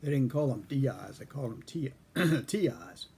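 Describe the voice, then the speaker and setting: An older man, a former airman, telling a story from his own past in a casual, folksy way, chuckling and clearing his throat now and then. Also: medium pitch, animated, normal speed, dark tone. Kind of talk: casual spoken memoir storytelling.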